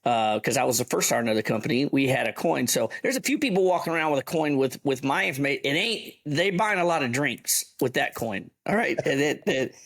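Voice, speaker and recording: A middle-aged man, an army veteran telling a story as a podcast guest in an animated, profane way. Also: mid-range voice, a little fast, few pauses. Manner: animated, profane yarn-spinner. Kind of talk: casual storytelling.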